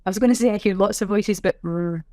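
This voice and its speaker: A woman with a Scottish accent, a sign language interpreter being interviewed in casual chat, self-deprecating with quick asides. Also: medium pitch, darkish tone, no echo. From Scotland.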